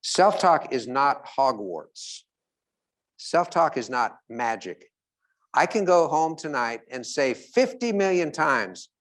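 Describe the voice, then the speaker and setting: A man speaking live to an audience as a motivational speaker, animated and chuckling as he acts out everyday characters. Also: a little high, normal speed. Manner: animated, acts out little characters, laughs often.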